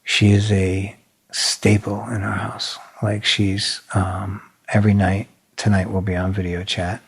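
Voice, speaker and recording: Brief: podcast guest, middle-aged man from New England, low gravelly voice, blunt and emotional storyteller. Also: little pitch movement, measured pace. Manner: blunt, swears freely, emotional retelling. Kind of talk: candid conversational storytelling.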